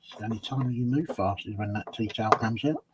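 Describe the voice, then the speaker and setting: A man's voice: fairly low pitch, quick pace, very noisy. A man with a British accent, cracking dry, teasing jokes at his co-host in casual chat. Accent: British English.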